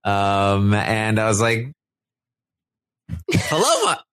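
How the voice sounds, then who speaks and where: Low-voiced man recapping with animated retellings. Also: normal speed, no room sound. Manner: animated, acts out quotes in high put-on voices. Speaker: podcast co-host. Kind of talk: casual recap chat.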